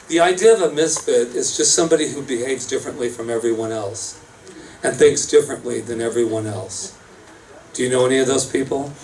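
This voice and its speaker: A man's voice: mid-range voice, darkish tone. A man who is a minister, giving a casual, rambling sermon full of self-mocking asides. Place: church service space. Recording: distant mic, faint room noise.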